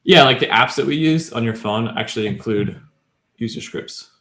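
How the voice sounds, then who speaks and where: A man's voice: medium pitch, moderate pace, bright, forceful tone, echoey room. A man co-hosting a podcast, chatting casually and explaining grammar step by step with many fillers. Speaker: podcast co-host. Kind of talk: casual language-learning chat.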